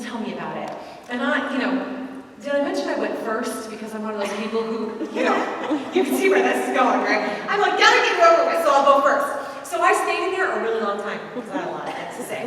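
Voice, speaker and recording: A woman giving a lively, self-mocking storytelling talk to an audience in a large hall. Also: high-pitched. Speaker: speaker at a faith event. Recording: echoey hall, mic at a distance.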